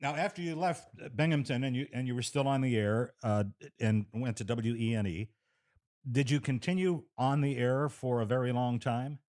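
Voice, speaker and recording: A man hosting an interview about radio, asking questions in a halting way with stammered restarts. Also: medium pitch, darkish tone. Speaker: interview host. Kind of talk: casual interview talk.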